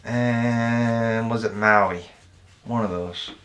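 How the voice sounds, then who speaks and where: An easygoing American man chats with his viewers on a stream, wandering from topic to topic. His voice sits at an ordinary middle pitch. He keeps it relaxed and calls everyone dude. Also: very slow. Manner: rambling and laid-back, calls people dude and man. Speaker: video editor and channel host. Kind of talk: casual livestream chat with viewers.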